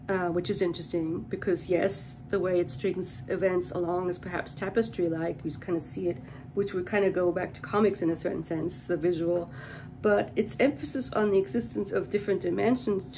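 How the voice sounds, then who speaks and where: A woman talking through a book she loves in a relaxed, meandering way, leaning on "sort of" and "kind of" as she works her ideas out. Her voice sits at an ordinary middle pitch, with a faint hum of room ambience behind her. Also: low-quality recording. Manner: rambling and thinking aloud, often hedging with "sort of" and "kind of"; reflective and enthusiastic. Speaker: book reviewer. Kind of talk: casual spoken book review.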